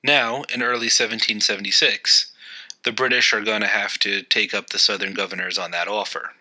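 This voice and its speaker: A man's voice: on the low side, sharp tone, rough recording. A man hosting a history podcast, narrating events in a loose, conversational way with occasional fillers. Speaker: podcast host.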